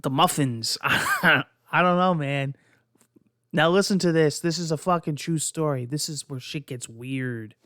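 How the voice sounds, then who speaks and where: Guy on his podcast telling a spooky true story, swearing a lot, kinda high voice, dry close sound. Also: unhurried, dry recording. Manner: profane, animated, incredulous. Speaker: podcast host. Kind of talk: casual storytelling.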